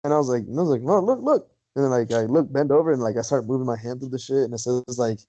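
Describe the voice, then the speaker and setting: A man's voice: mid-range voice, fairly even intonation, rapid-fire, dark tone, muffled recording. A man on a podcast telling a long story, rambling and swearing, laughing often. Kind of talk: casual chat.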